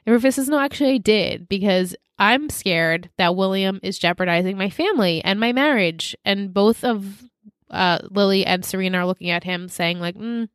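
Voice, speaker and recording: A woman co-hosting a podcast, recapping episode scenes in casual chat and slipping quickly into characters' lines. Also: medium pitch, no echo, studio quality. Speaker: podcast co-host.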